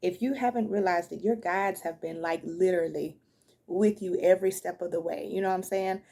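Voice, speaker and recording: A woman's voice: fairly low pitch, steady tone, a little fast, creaky, mellow. A woman doing a casual tarot reading, talking to her viewers as "y'all" and often laughing with emotion. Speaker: tarot reader.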